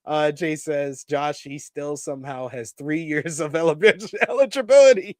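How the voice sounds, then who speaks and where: A man hosting a live-stream wrestling review, reading viewer comments and ranting loudly at times. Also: on the high side, moderate pace, dry recording. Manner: animated, swears when ranting.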